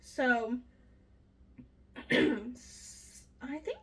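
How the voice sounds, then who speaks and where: A young woman co-hosting a casual book discussion, chatty and animated, swearing now and then and acting out what characters say. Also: mid-range voice, measured pace, slight background noise. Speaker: book club co-host.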